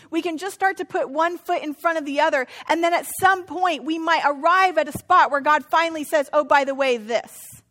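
Her voice very high-pitched and a bit bright, this middle-aged pastor delivers her sermon conversationally. Every so often she slips into the voices of biblical figures, acting out their words.

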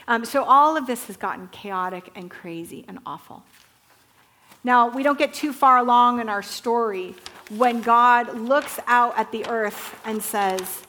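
A woman's voice: fairly high pitch, normal speed, fairly bright tone. A woman teaching Bible stories to a group, telling them with animation and asking listeners to repeat words.

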